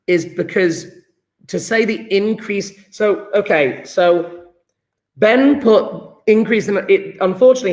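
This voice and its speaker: A man teaching a live chemistry lesson, speaking slowly with a slightly raised pitch. He restarts and repeats phrases as he works through ideas. The sound is roomy and echoey. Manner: thinks aloud with restarts, drawn-out repetitions.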